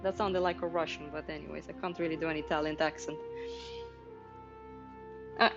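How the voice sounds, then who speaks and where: A woman's voice: low-pitched, fairly even intonation, brisk, vocal fry. A woman in her thirties teaching drawing on a casual livestream, chatty and explanatory, talking to viewers in the chat. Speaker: art teacher streaming a painting session. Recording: slightly muffled stream with faint music.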